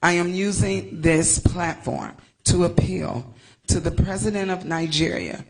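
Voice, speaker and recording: A woman from the United States giving an emotional statement at a press conference, tearful and halting, stumbling over her words. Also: fairly low pitch, creaky, low-quality recording. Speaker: investor speaking at a press conference.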